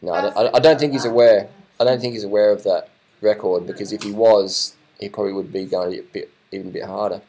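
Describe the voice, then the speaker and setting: Excitable man, lowish voice. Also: fast talker, low-quality recording. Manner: excitable, repetitive, swears casually. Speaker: video commentator. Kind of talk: casual live reaction commentary.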